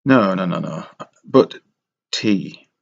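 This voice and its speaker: A man's voice: sits low, lively intonation, slow, creaky. A man talking in a rambling, casual monologue, wry and self-mocking as he meanders from thought to thought, on a dull lo-fi recording. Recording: dull lo-fi sound.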